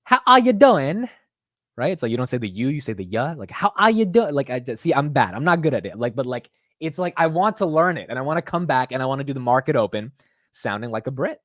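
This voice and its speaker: A young man hosting a finance livestream, talking in an excitable, rambling way and calling his viewers bro and dude. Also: medium pitch, fast, no room sound, studio quality. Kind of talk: casual live-stream chat.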